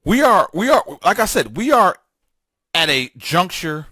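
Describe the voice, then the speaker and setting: A man's voice: high-pitched, big pitch swings, measured pace, pushed and bright, husky, no echo, studio quality. A man hosting a political talk show, delivering a fiery, emphatic solo monologue full of repetition and stammered restarts.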